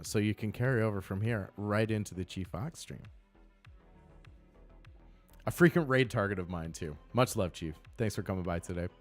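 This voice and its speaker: A man chatting casually on a game live stream, upbeat and greeting viewers by name. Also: fairly low pitch.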